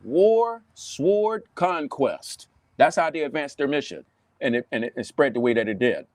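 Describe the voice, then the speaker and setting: A man preaching to camera in a Southern US accent, animated and mocking, often repeating himself. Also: medium pitch, normal speed, dry recording. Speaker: pastor. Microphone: webcam or phone on a desk, livestream.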